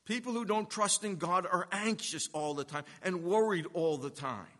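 A man preaching a sermon, earnest and emphatic, slowing down to stress key words. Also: high-pitched, fairly bright tone. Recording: long reverb of a hall.

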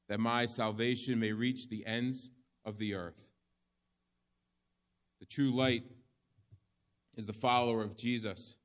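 A man preaching a sermon, reading scripture in slow, measured phrases with emphatic pauses. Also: medium pitch.

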